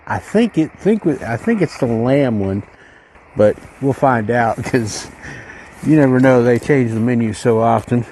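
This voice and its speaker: A man hosting a casual unboxing video, musing aloud in a slow, rambling way as he goes through a ration pack. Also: mid-range voice, expressive, dark tone, a little hiss or hum, low-quality recording. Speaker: channel host reviewing ration packs.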